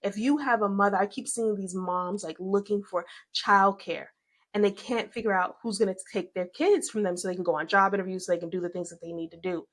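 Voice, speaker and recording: A woman co-hosting a business talk, explaining marketing in an energetic, explanatory way. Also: mid-range voice, a little fast. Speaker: co-host. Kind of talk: business advice discussion.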